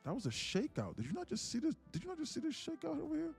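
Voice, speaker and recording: A man hosts a live trading stream in a lively voice that leaps up and down in pitch. He talks in slangy street style, preaching and firing rhetorical questions at his viewers. Faint music runs behind him. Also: very fast, vocal fry. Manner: slangy, casual street talk. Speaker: day trading livestream host.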